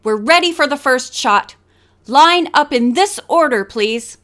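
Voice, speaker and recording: Woman doing a loud, bossy shoot director. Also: high-pitched, expressive, a little slow. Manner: loud, bossy, clipped orders. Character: commanding female fashion shoot director.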